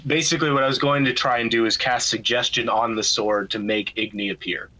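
A man's voice: medium pitch, steady tone, a little fast, sharp tone, rough recording. A man playing a tabletop game, hesitant and full of fillers as he explains his spell ideas. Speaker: player. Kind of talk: casual tabletop game talk.

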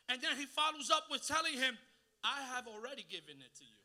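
A man, preaching a sermon as a guest pastor, swinging from hushed asides to shouting and calling on the congregation to answer. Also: very high-pitched, lively intonation, a little fast.

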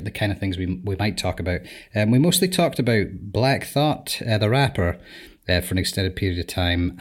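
A man co-hosting a casual podcast, talking in a dry, rambling, halting way over an online call. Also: low voice. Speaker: podcast co-host. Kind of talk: casual chat. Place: home, remote recording. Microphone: online call setup.

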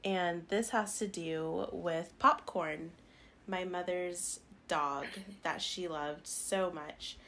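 A woman's voice: lowish voice, fairly even intonation, slow pace, pushed and bright, a little hiss or hum. Young woman from vegas, chatty podcast storyteller, laughs a lot. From Las Vegas. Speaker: podcast co-host. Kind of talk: casual chat.

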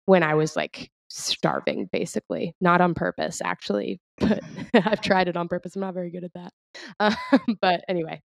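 A woman's voice: on the low side, normal speed, creaky, no room sound, studio quality. A woman co-hosting a podcast, talking candidly and reflectively in a casual chat. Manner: reflective, candid, soft-spoken. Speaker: podcast co-host.

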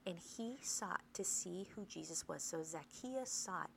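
A woman leads a podcast Bible study in a somewhat low voice. She teaches earnestly, posing rhetorical questions and checking in with her listeners. A faint noise sits under the recording. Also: expressive, unhurried, creaky, a bit bright, low-quality recording. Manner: earnest, asks rhetorical questions, tag "right?".

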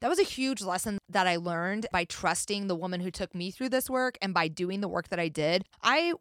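Animated woman telling stories. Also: medium pitch, normal speed, dry recording, studio quality. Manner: animated storyteller, acts out quotes. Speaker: podcast guest, author. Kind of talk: casual chat.

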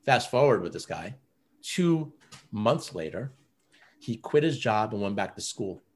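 A man's voice: on the low side, sing-song, measured pace, husky. A man who runs a men's coaching program, telling stories in a casual interview with lots of fillers. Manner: earnest, storytelling, many fillers like "you know" and "like".

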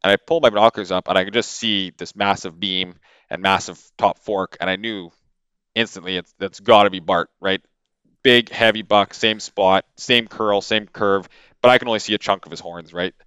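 Low-voiced man, animated storyteller. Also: moderate pace, clear, resonant tone, dry recording. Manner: animated, with many fillers and repeated words. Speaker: podcast guest. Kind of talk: casual storytelling. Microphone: podcast microphone.

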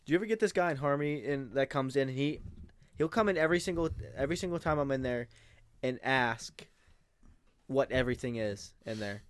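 A man's voice: mid-range voice, expressive, brisk, no room sound. A young man co-hosting a podcast in casual chat, rambling through jokey stories and laughing at his own bits. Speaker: podcast co-host.

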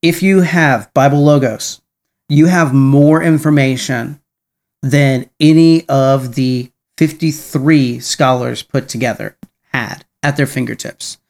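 A man's voice: medium pitch, steady tone, takes it slowly, a little mellow. A man hosting a podcast in casual chat, rambling with many restarts and frequent tag questions. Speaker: podcast host.

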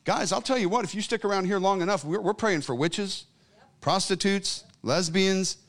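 A man preaching a sermon in a church service, fervent and storytelling, swinging between quiet asides and loud calls. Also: high-pitched, moderate pace. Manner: conversational storytelling.

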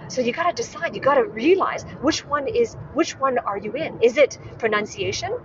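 A woman's voice: fairly high pitch, animated, normal speed. A woman from Hong Kong, a communication coach, speaking straight to the camera and repeating her key points with rhetorical questions. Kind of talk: direct-to-camera coaching video. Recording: dull muffled sound with clear background noise.

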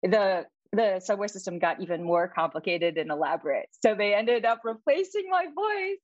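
Lively woman guest, dull dry audio. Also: mid-range voice, moderate pace, dry recording. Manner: lively, laughs often. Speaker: guest, journalist. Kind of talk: interview answers.

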